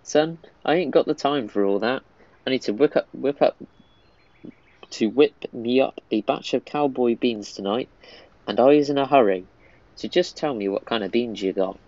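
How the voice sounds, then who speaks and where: A man reading the lines of a gruff old male cowboy cook from a mobile game, in his own plain voice without an accent. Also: mid-range voice, moderate pace, darkish tone, no echo, dull audio, lightly acted. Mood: amused reading.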